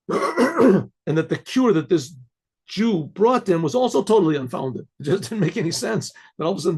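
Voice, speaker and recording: Rabbi guy telling a story, raspy gravelly voice, keeps clearing his throat and repeating himself. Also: on the high side, darkish tone. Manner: halting, repeats words, clears throat often. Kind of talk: casual spoken storytelling.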